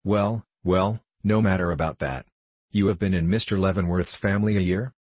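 Male reader as a curt, sharp coroner in a storybook, low, dry voice. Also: normal speed, no room sound. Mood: stern. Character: stern, impatient male coroner at inquest.

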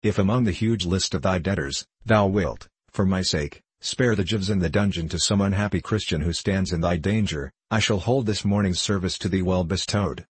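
A man voicing a stern male pilgrim knight in disguise, solemn and measured, in an audiobook reading. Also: sits low, husky, no echo. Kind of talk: audiobook character voice.

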